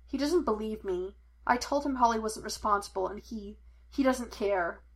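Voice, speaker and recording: A woman's voice: a little high, moderate pace, close to an everyday voice. A woman doing an impulsive young detective. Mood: exasperated. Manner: emphatic, rising to excited shouts. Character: restless, impulsive young man, a psychic detective.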